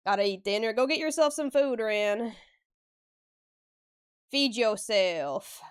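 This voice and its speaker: A woman's voice: on the high side, fairly quick, clear, resonant tone. A woman streamer chatting casually with her viewers while she draws. She laughs often and swears freely as she answers chat. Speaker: live-stream artist.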